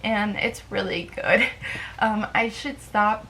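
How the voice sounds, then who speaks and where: A woman's voice: medium pitch, fairly even intonation, takes it slowly, bright, forceful tone, a little hiss or hum, poor audio. A young woman chatting casually to camera in a rambling, self-deprecating way, with lots of fillers. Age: young adult. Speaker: vlogger.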